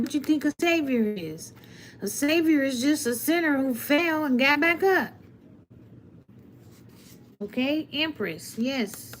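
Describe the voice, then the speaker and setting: Giving a blunt, preachy tarot reading, this woman addresses her live stream viewers directly. Her high-pitched voice is picked up by a webcam or phone, with a little hiss or hum.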